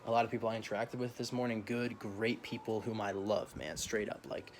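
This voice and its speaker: A man's voice: fairly low pitch, fairly even intonation, a little fast, a little hiss or hum. Young man ranting, slangy vlog. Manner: slangy, profane, laughs often. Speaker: vlogger. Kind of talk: casual rant to camera.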